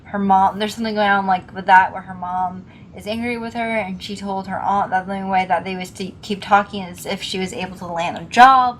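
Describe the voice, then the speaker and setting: A woman co-hosting a casual chat about a drama episode, retelling scenes with lively acted-out quotes. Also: mid-range voice, a little hiss or hum, low-quality recording. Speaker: co-host discussing a drama episode.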